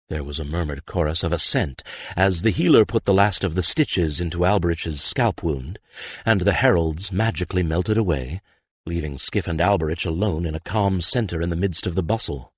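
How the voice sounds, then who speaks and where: A man narrating an audiobook in a lively, expressive manner. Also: deep voice, moderate pace, slightly rough, dry recording.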